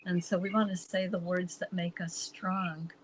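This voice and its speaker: A woman's voice: fairly low pitch, level tone, normal speed, very noisy. A woman co-hosting a casual conversation, affirming guests and relaying viewer comments. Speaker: co-host.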